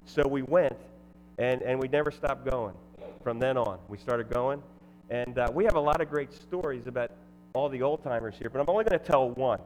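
A man's voice: medium pitch, moderate pace, a little mellow, a little hiss or hum. Man telling stories from a church stage. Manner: casual, joking storyteller with fillers and restarts. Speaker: former elder and guest speaker at his old church. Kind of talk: personal testimony to a congregation. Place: church sanctuary. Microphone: headset or ear mic. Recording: long reverb of a large church.

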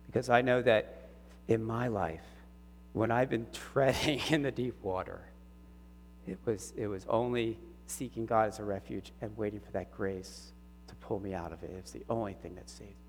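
Low-voiced man preaching in a hall. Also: creaky. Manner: earnest, halting, emotional. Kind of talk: personal sermon testimony. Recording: reverberant hall with faint hum.

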